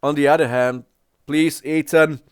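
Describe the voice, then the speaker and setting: Male reaction creator, not a native English speaker, sounds sick; slow, clear voice, stumbles and repeats himself. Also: fairly high pitch, fairly even intonation, no room sound, clean studio sound. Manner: halting, repeats words, asks "yeah?" often. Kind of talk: casual reaction commentary.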